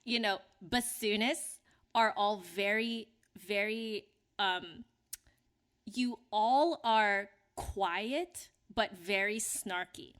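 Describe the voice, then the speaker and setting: Brief: young woman podcast co-host from Canada, bright clear tone, chatty and rambling. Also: medium pitch, very slow. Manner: chatty, many fillers and restarts. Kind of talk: casual podcast chat.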